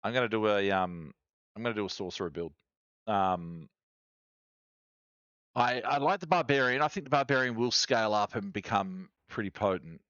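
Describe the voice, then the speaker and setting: A man's voice: on the low side, animated, moderate pace, long pauses, fairly bright tone, no room sound, lo-fi sound. An Australian man in his forties, chatting casually on a live stream, rambling with lots of fillers and restarts.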